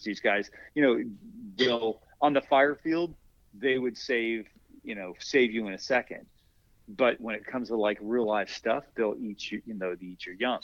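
An older man, a masters athlete and former firefighter, telling stories in a relaxed interview and acting out the dialogue he quotes. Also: lowish voice, dry recording. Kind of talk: casual storytelling in an interview. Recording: dry, dull lo-fi podcast audio.

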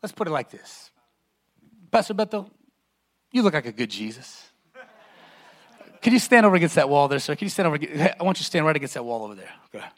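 Brief: man preaching a passionate sermon, high voice, talks straight to the congregation. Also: sing-song, quick pace, pauses often, a bit bright. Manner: impassioned, dramatic, calls to the congregation.

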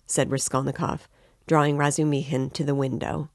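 A woman reading a classic novel aloud in an even, measured narration. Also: a bass voice, dry recording, studio quality. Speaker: reader.

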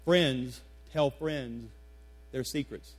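A man's voice: medium pitch, very slow, breathy edge. A man in his forties, a pastor preaching to his congregation in a church, talking conversationally with emphatic repetitions and questions to the room. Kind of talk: sermon. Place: church sanctuary before a congregation.

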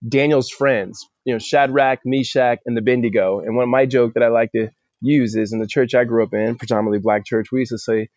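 A man's voice: medium pitch, steady tone, a little fast, a little mellow, dry recording. A man teaches through a Bible chapter on a podcast in an earnest, conversational way, restarting phrases as he thinks. The sound is dry with no room to it and a little dull, like a lo-fi mic. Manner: earnest, repeats words as he thinks. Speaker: pastor.

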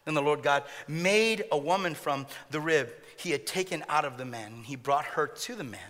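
A man's voice: fairly high pitch, lively intonation, normal speed, a bit bright, big-room sound. A man preaching a sermon in a joking way, often repeating words and laughing at his own jokes. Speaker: pastor.

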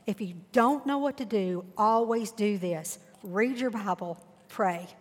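A woman's voice: mid-range voice, unhurried. A woman, sharing a heartfelt faith testimony as a guest. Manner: earnest, heartfelt storytelling. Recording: long hall reverb.

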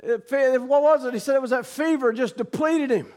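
A man preaching a sermon, telling a story that builds into shouted preaching. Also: very high voice, a little fast.

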